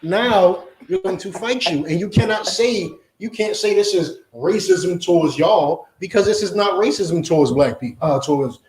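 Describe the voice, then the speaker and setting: A man preaching a confrontational lesson to his group, blunt and forceful, again and again asking whether his listeners understand. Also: sits high, expressive, moderate pace, few pauses, echoey room, a little hiss or hum, poor audio. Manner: blunt, forceful, repetitive questioning. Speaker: Hebrew Israelite teacher.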